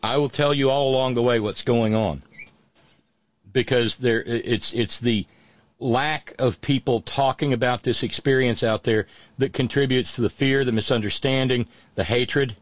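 Halting, consoling middle-aged man host. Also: medium pitch, no echo. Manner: halting, many restarts, calm and consoling. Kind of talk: emotional live show talk.

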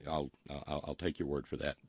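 Deep-voiced sarcastic male talk host. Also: little pitch movement, a little mellow, breathy edge. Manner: mocking, sarcastic, halting with many fillers. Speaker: political talk show host. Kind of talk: sarcastic political commentary with listener comments.

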